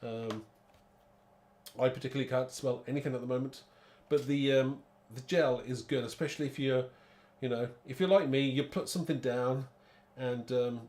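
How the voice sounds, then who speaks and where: A man's voice: medium pitch, moderate pace, darkish tone. A man hosting a live card-making demo, chatty and rambling, thinking aloud and laughing at his own muddles.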